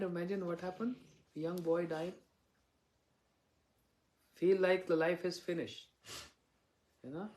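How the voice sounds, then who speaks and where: Man, monk giving a storytelling devotional lecture; voice sits a touch high. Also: darkish tone. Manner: storytelling, asks listeners rhetorical questions. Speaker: visiting monk preacher.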